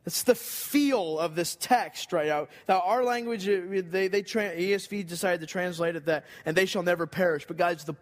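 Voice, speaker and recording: A man preaching a sermon, earnest and emphatic, repeating key phrases for weight. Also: high-pitched. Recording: long hall reverb.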